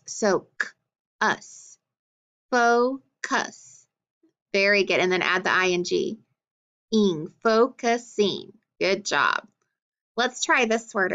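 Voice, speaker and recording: A woman teacher giving a phonics lesson for children, sounding out syllables slowly and clearly and praising her students. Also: medium pitch, a bit bright, lo-fi sound.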